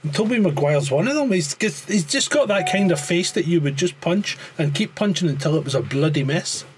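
A man's voice: on the high side, expressive, fairly quick, a little hiss or hum. A Scottish man in casual podcast chat, blunt and sweary, with a joking edge. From Scotland. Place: living in France.

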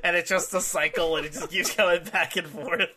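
High, bright-voiced man chatting casually. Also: fairly even intonation, moderate pace. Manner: rambling, restarts, acts out quotes in a higher voice. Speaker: podcast co-host. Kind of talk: casual chat.

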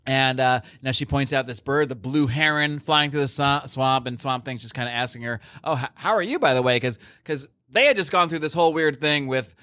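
A man's voice: mid-range voice, fairly quick, hardly any pauses, bright, forceful tone, clean tone, no echo, studio quality. A man hosting a podcast, recapping a comic book issue in casual chat with many fillers and restarts. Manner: recaps plot animatedly, lots of fillers and restarts. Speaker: podcast host.

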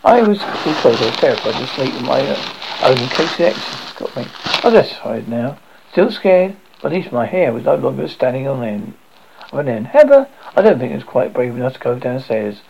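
A man's voice: mid-range voice, sing-song, brisk, vocal fry, noisy background. A man narrating his memoir aloud in a wry, self-mocking way. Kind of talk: memoir reading.

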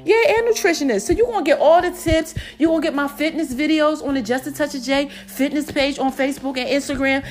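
A high-pitched woman from South Jersey hosts her own show in a loose, chatty monologue. She is playful and sassy, and she swoops up and down as she talks. Faint music plays behind her. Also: fast, few pauses. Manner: playful, sassy, calls listeners "y'all" and "babies", refers to herself as Mama. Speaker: podcast host. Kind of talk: casual podcast monologue.

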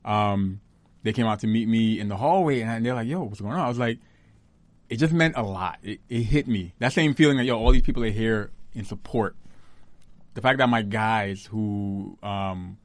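A man's voice: fairly low pitch, moderate pace, dry recording. A young man, the groom, chatting casually in a laid-back, joking, slangy way. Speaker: groom, her husband. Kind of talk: casual chat.

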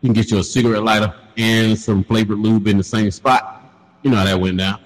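A man telling a crude story in casual chat on a podcast, animated and laughing along. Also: lowish voice, fairly quick, big-room sound, low-quality recording. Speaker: podcast co-host.

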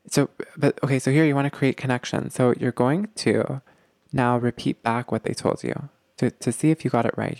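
Male relationship coach, gravelly voice, dry close sound, acts out dialogues, chatty. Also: mid-range voice, a little mellow, no echo. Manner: acts out short dialogues with a lifted voice, many fillers. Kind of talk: teaching relationship skills.

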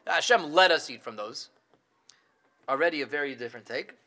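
A middle-aged man teaching a Torah class, animated, questioning his students and acting out what the figures say. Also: high-pitched, a little fast.

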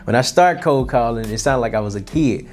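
A young man hosts a podcast, delivering an earnest, colloquial motivational talk in a medium-pitched voice that's animated and brisk. He often restarts and repeats himself.

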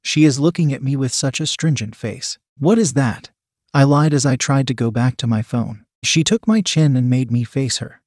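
A man's voice: mid-range voice, normal speed, few pauses, a little mellow, no echo, clean studio sound. Man reading a first-person adult story. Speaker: narrator.

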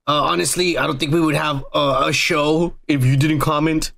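A man's voice: on the high side, steady tone, normal speed, creaky, a bit bright. A young man hosting a podcast, joking and rambling with lots of profanity. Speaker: podcast host. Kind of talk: casual crude podcast banter.

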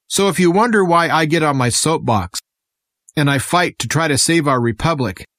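A man's voice: a little high, no room sound, studio quality. A middle-aged American man, guest host of a radio talk show, giving earnest, folksy political commentary that turns fiery on his soapbox. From United States.

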